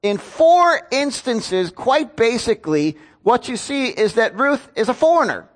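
A man's voice: very high-pitched, very animated, unhurried. A male pastor preaching a casual sermon to a congregation, chatty, with joking asides and acted-out quotes. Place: church before a congregation.

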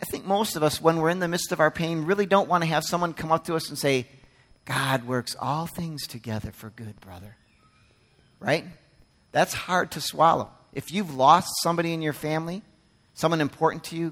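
A man preaching a sermon as pastor, moving from hushed and gentle passages to loud, emphatic ones and acting out the quoted voices. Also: fairly high pitch, brisk. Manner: acts out quoted speech in his sermon.

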